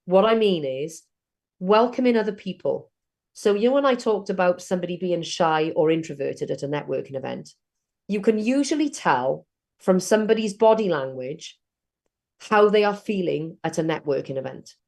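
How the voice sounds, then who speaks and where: A woman's voice: fairly low pitch, lively intonation, normal speed, vocal fry, a little mellow. Chatty woman giving networking tips. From South Wales. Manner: chatty storytelling. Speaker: networking trainer. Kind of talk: online training session.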